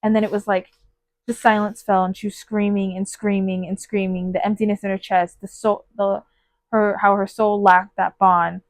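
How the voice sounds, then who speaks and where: A woman's voice: mid-range voice, little pitch movement, normal speed, dry recording. A woman giving a casual, gushing book review on her phone, full of fillers and emotional asides. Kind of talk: casual spoiler book review with read-aloud passages.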